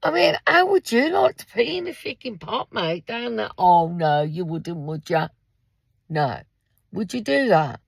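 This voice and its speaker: A woman in her fifties with a heavily gravelly, husky voice rants bluntly and swears freely. She talks slowly, her pitch swinging widely between low and high. She sounds close and dry, with no room echo. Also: sing-song. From England. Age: 50s. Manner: blunt, swears freely, addresses listeners directly. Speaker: parent and carer. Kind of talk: angry vlog rant. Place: in a car in a car park.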